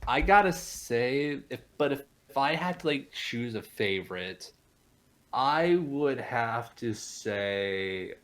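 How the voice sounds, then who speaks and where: A man's voice: mid-range voice, animated, slow, fairly bright tone. Rambling young man on a podcast. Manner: rambling with many restarts, laughs easily. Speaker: podcast guest, voice actor and show creator. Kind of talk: casual podcast interview.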